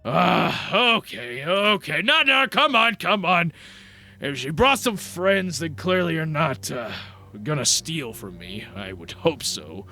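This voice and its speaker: A man voicing a grumpy, suspicious male workshop owner in a tabletop game, shouting in a raised voice. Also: on the high side, lively intonation, a little slow, faint music behind. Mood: grudging.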